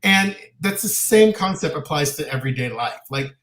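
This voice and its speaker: A man's voice: on the high side, expressive, normal speed, a bit bright, reverberant. A man co-hosting a talk show, speaking candidly and animatedly, sometimes mocking others in quoted voices. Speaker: podcast co-host. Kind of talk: casual chat.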